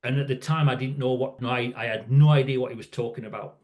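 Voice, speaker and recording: The voice is mid-range, steady, quick and darkish, belonging to a man in his sixties. As a guest on a podcast, he spins casual, rambling stories about work, keeps restarting, and tacks "right?" onto much of what he says.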